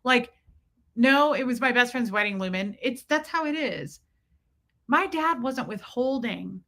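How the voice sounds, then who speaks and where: Woman in her forties, livestream host, rambling chat, bright and fairly high voice. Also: lively intonation, measured pace. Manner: rambling, thanks viewers by name as she talks.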